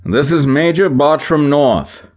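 A man's voice: low-pitched, normal speed, a little mellow, close to an everyday voice. A man playing a blunt, dry-humored military major in an audiobook. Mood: commanding shout. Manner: dry, commanding.

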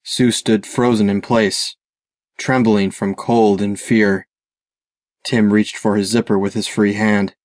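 A man narrating a dark thriller audiobook in a steady, measured read. His voice sits low, and the recording is dry and close with no room sound. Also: dry recording. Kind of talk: scripted narration.

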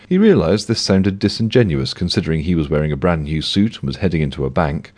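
A man's voice: low-pitched, lively intonation, fast talker, hardly any pauses, darkish tone. A man narrating a comic novel with a dry, wry delivery. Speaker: audiobook narrator.

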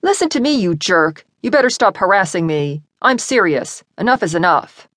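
A woman narrator voicing a fiery young woman homeowner who makes forceful demands in an audiobook. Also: mid-range voice, big pitch swings, normal speed, dry recording, clean studio sound. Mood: angry.

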